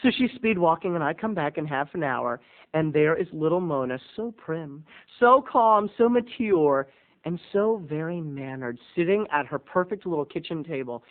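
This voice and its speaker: High-voiced theatrical male storyteller. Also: animated, moderate pace. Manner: theatrical, with big swings between booming and hushed. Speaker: vlog host. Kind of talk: comic storytelling monologue. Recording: tinny phone-like audio.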